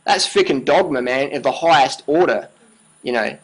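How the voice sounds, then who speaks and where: A man's voice: medium pitch, moderate pace, low-quality recording. A man giving an emphatic, passionate monologue as a vlogger, repeating himself, swearing freely and often asking "you know what I mean".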